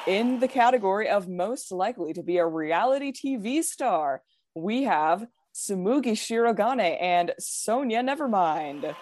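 A woman announcing results in a playfully dramatic style, stretching her words out slowly and grandly. Her pitch swings widely as she builds each line, while her voice stays at a middling height for a woman. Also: expressive, darkish tone, slight background noise. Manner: slow, grand, drawn-out announcing.

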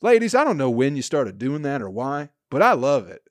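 A man's voice: mid-range voice, wildly swooping pitch, fairly quick, dry recording. A man around forty, hosting a solo comedy podcast and rambling crudely with profane, sarcastic asides. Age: 40s.

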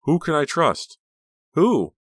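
A man voicing a terrified teenage girl in a storybook, crying out high and pleading. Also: level tone, fairly quick, sharp tone, clear, resonant tone, no room sound, studio quality. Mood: panicked. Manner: high panicked pleading cries.

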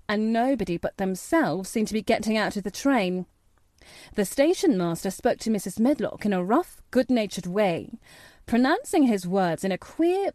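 A woman giving steady, measured scripted narration of a children's classic for an audiobook. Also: medium pitch, no room sound, clean studio sound.

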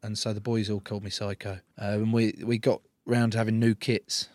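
A man's voice: fairly low pitch, level tone, brisk, a little mellow, no echo. A young man, a rugby player chatting in an interview, telling jokey stories with swearing. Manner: jokey storyteller, swears, acts out quotes. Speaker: professional rugby player, guest. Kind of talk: casual interview chat.

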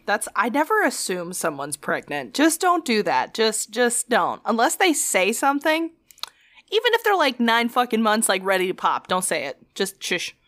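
A woman's voice: a little high, very animated, moderate pace, fairly bright tone. A young woman co-hosting a podcast, chiming in with teasing quips and reactions in casual chat. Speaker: podcast co-host.

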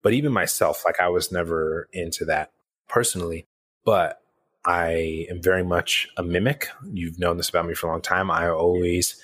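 A man's voice: low-pitched, fairly even intonation, moderate pace, fairly bright tone, husky, no room sound. A man co-hosting a casual podcast chat about running tabletop games, rambling with many restarts. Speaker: podcast co-host and game master.

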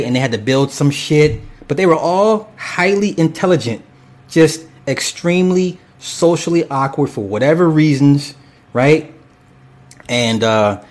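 A man hosting a casual commentary stream, reading chat and speaking bluntly and profanely, rambling with restarts. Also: mid-range voice.

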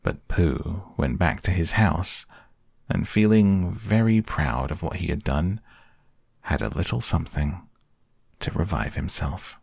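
A man reads a children's classic aloud as a soft, soothing bedtime story. His voice is extremely deep and husky, and he takes it very slowly. The sound is close and dry. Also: no room sound. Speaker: audiobook narrator.

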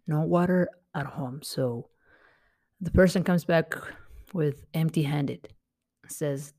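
A woman teaches a casual language lesson in a low, warm voice. She talks at an easy pace and repeats every phrase twice, so each one sticks. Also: takes it slowly, pauses often.

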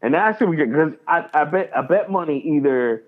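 A man co-hosting a podcast in casual chat, animated and excitable, acting out his reactions. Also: a little high, brisk. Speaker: podcast co-host. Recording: tinny phone-like line.

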